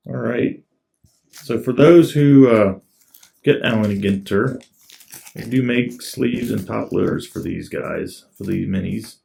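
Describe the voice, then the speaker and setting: A man with a fairly low, creaky, mellow voice speaks slowly while going through trading card packs. As a collector, he keeps things casual, reading off the cards one by one.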